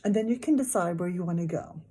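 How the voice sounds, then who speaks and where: Woman reading a gentle, no-nonsense mom from a storybook, warm and breathy. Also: lowish voice, quick pace, close to an everyday voice. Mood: matter-of-fact. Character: practical gentle mother, middle-aged.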